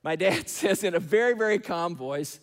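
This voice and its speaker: High-voiced man preaching in a hall. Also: a little fast. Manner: storytelling with emphatic repetition. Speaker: pastor. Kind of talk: sermon. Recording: long hall reverb.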